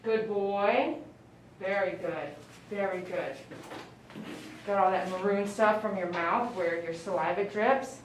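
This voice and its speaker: A dog groomer and channel host coos at a dog in baby talk, praising it as she grooms it on a live stream from her salon. Her medium-pitched voice moves slowly with frequent pauses. The recording has background noise, echoey room sound, and a mic placed at a distance.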